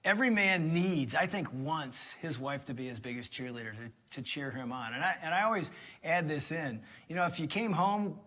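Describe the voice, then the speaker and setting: Bright, lively male preacher on stage. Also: on the high side, moderate pace. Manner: animated storytelling, jokey asides. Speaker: pastor co-teaching on marriage. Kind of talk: live sermon with banter. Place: church stage before a live audience.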